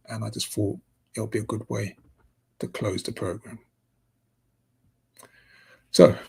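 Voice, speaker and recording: A man's voice: on the low side, creaky, breathy edge. A man hosting a community news update in casual, rambling commentary full of fillers and restarts. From United Kingdom.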